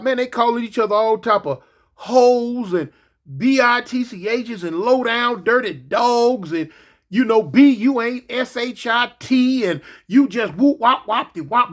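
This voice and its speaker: High-voiced man telling a story. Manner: animated, repetitive, sound effects.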